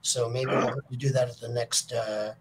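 A man talking about upcoming signings as a guest, halting and hesitant. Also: medium pitch, flat delivery, slight background noise. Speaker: voice actor guest. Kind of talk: casual chat.

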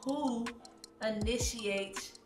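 A young woman with a fairly high voice teases her partner in relaxed, slangy chat. She sits back from the mic in an echoey room, with music playing clearly behind her. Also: extremely slow, distant mic. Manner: playful, teasing, slangy. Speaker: co-host of a couple channel. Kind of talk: casual chat.

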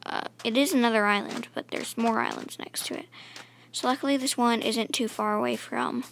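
A woman's voice: on the high side, fairly even intonation, normal speed, creaky, fairly bright tone, slight background noise. A woman giving casual, rambling let's-play commentary, mumbling and chatting to the animals in her game. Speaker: gaming channel host.

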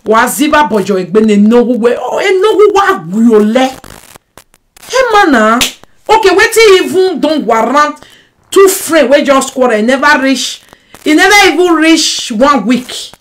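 A woman with a Nigerian Pidgin accent gives an animated personal monologue to the camera as a vlogger addressing a rival. She's emphatic, keeps tossing in rhetorical "eh?" asides, and swings between loud outbursts and low muttering. Her pace is moderate, with slight background noise on a rough recording.

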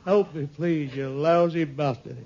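A man's voice: fairly high pitch, unhurried, a little mellow, lo-fi sound, slight background noise. A man doing a desperate praying man. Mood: pleading. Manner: pleading, cursing. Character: desperate man begging God for a win.

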